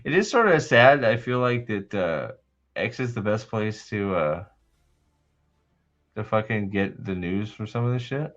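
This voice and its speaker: A man's voice: on the low side, lively intonation, unhurried, lo-fi sound. A man hosting a livestream in casual chat, rambling and swearing heavily, often restarting his sentences. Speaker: livestream host.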